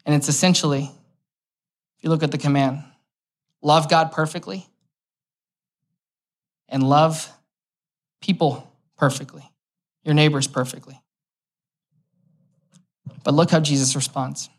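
A man's voice: a little high, steady tone, a little slow, long pauses. Young guy giving a laid-back sermon, chatty, storytelling, throws in little jokes. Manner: casual and storytelling, with light humor. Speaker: preacher. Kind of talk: conversational sermon.

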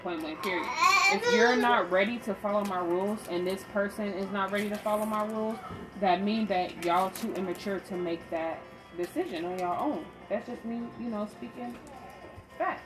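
A woman's voice: mid-range voice, moderate pace, over music, rough recording. A woman telling a candid story in a blunt, emphatic monologue about parenting. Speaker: parenting vlogger. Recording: steady audible background noise.

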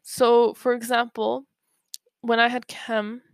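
Chatty young woman, high and flat. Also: slow pace, dry recording. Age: young adult. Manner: chatty, rambling, laughs and self-corrects. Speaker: vlogger. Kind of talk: casual storytelling to camera. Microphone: own mic, bumped at times.

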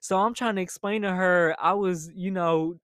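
A young man telling a personal story in a casual, animated, profane monologue as host of his own storytime show. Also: sits high, moderate pace, clean tone, dry recording, studio quality.

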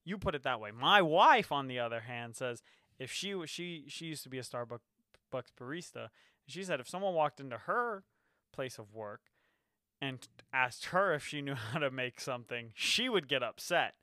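A young man co-hosting a podcast, casual and teasing, animated and quick to laugh, on a close microphone. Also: mid-range voice, dry recording. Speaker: podcast co-host. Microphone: close podcast mic.

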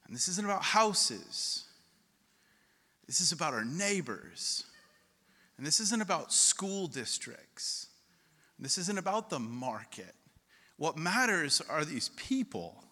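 A man's voice: fairly high pitch, sing-song, slow pace, long pauses, bright, forceful tone. A middle-aged man preaching a sermon, telling a personal story and then building to emphatic repeated points. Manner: storytelling, rising to emphatic repetition. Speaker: pastor. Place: church hall. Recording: long hall reverb.

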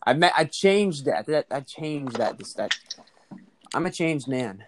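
A young man co-hosting a podcast in casual chat, answering in a deadpan, indifferent way. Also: a little high, measured pace, background noise. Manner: deadpan, indifferent, mumbling replies. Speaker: podcast co-host.

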